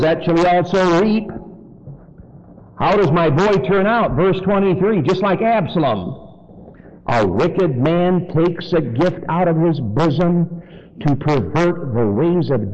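A man preaching a sermon in church, swinging from loud, high exhortation to low, quiet warning. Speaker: pastor. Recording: dull lo-fi sermon recording with faint noise.

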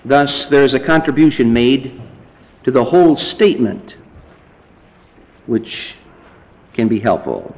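A man's voice: animated, takes it slowly, long pauses, a little mellow, dull audio. A man preaching a sermon, citing scripture references and building to emphatic, fervent passages. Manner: emphatic, rising to fervent high-pitched preaching; lists scripture references as he teaches.

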